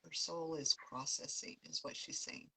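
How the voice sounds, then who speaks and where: A woman hosting as an animal communicator, giving a gentle, soft-spoken reading about a client's pet. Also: sits low, steady tone, moderate pace, gravelly, husky, rough recording. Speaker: animal communicator, podcast host.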